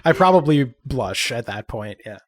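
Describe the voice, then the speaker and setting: A man's voice: medium pitch, big pitch swings, normal speed, a crowd in the background. A man playing a character in a tabletop role-playing game, polite and hesitant, stumbling over his words. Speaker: player.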